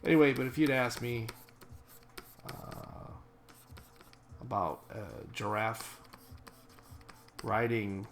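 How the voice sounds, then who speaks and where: A man's voice: medium pitch, slow pace, pauses often, faint music behind. A man thinking aloud in a rambling, casual way as he paints a character digitally, often correcting himself mid-sentence. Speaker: digital artist.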